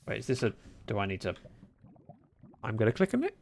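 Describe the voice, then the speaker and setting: British man, game streamer, casual chat, bouncy delivery, gravelly edge, dry humour. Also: lowish voice, huge pitch swings, a little fast, darkish tone, a little hiss or hum. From Britain. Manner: chatty, reads viewer chat aloud, dry self-mocking humour. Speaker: livestreamer. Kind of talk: casual livestream chat while gaming.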